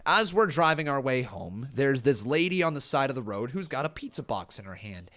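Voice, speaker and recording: A man's voice: mid-range voice, fairly quick. A man hosting a live watch-along stream, chatting casually and telling stories with lots of exclamations. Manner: excitable, animated storytelling with exclamations.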